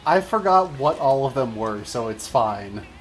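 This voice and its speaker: A man speaks slowly while he plays a game with a friend, his pitch rising and falling a lot. His banter is wry and playful. Faint music sits under his voice. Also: lively intonation. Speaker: co-op gaming guest. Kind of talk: casual gaming chat.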